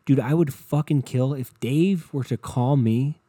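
Profane rambling podcast guy, dark tone. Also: medium pitch, unhurried, slightly rough, no echo. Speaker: podcast host. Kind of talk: solo podcast rant.

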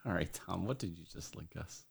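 Casting: deep-voiced male podcast co-host, loose and jokey, curses casually. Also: brisk, creaky. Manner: jokey, swears freely, laughs often.

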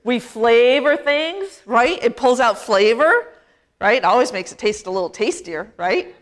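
A woman pastor preaching a sermon in a church, talking conversationally and asking the congregation questions, with slow, emphatic phrases. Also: fairly high pitch, expressive. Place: church sanctuary.

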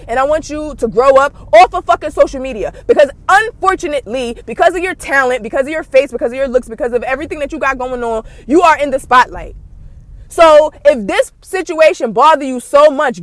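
A woman podcast host delivering blunt, profane gossip commentary, scornful and heated, with sudden shouted outbursts. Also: high-pitched, dry recording.

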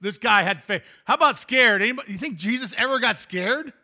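A man's voice: high-pitched, animated, a little fast, sharp tone. A male pastor giving a chatty, interactive sermon in a church sanctuary, joking with the congregation and often restarting his sentences.

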